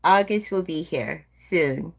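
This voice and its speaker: Older lady in her 70s chatting on a live stream, slow gentle talk, lowish voice. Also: creaky. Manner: slow, gentle, calls viewers "my dear love". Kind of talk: casual chat with live viewers.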